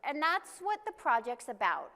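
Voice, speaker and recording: A woman giving a live presentation to an audience, explaining things step by step and reading example statements aloud slowly. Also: high-pitched, huge pitch swings, bright, forceful tone, in a large hall. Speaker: conference presenter. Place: conference room.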